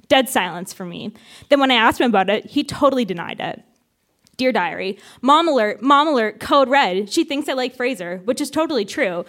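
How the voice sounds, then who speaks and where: A woman reading her teenage diary aloud at a live show, with a wry, playful delivery. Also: high voice. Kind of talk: reading old diary entries aloud on stage. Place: live show with audience laughter.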